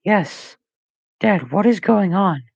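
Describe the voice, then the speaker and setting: A frantic teenage boy, put on by a man, pleading in a strained, raised voice that edges toward sobbing. The delivery is slow and gravelly underneath. It sounds dull and lo-fi, like a home recording. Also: lively intonation, a little mellow, no room sound, exaggerated voice. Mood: anxious. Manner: high strained pleading voice, breaking into sobs. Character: teen boy, anxious, pleading, tearful.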